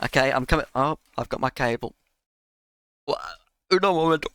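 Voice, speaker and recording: Bright, crisp-voiced sarcastic man. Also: mid-range voice, fairly even intonation, moderate pace, no echo. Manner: sarcastic, exasperated, swearing. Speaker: video creator. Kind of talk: reaction rant.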